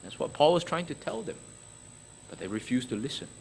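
A man's voice: mid-range voice, sing-song, brisk, gravelly, darkish tone, a little hiss or hum, rough recording. A man preaching an expository sermon, speaking emphatically and posing questions that he then answers himself. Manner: emphatic, asks and answers his own questions.

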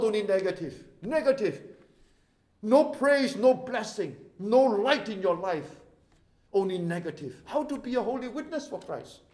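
Impassioned Singaporean pastor, high voice. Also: male voice, reverberant. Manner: impassioned, swinging from hushed to loud. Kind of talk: sermon. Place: church sanctuary.

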